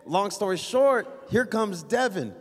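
A man with a high, bouncy voice tells a story to a church crowd, joking and animated. His voice swings widely up and down. The sound carries a long church-hall reverb. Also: measured pace. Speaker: church member sharing a story. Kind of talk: casual storytelling to a congregation.

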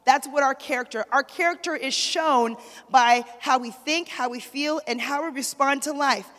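A pastor's wife delivers a sermon in a church sanctuary, her high voice echoing long through the hall. She tells her story at normal speed with lively energy, repeatedly calling on the congregation to respond.

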